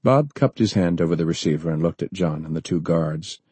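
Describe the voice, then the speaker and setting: A man reads a thriller in measured, steady narration. His voice is low, dark and husky, recorded close and dry with no room sound. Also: no room sound. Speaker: audiobook narrator. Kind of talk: scripted narration.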